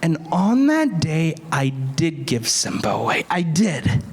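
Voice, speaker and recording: A man telling a story to children, dramatic, swinging between loud bursts and hushed whispers. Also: fairly high pitch, very animated, slow pace, slightly rough. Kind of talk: animated storytelling for kids.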